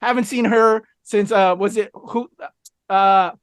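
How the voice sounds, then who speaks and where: High-voiced enthusiastic man reviewing films. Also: steady tone, measured pace, a bit bright, smooth, no room sound. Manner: enthusiastic, rambling with fillers. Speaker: podcast co-host. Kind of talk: casual film review chat.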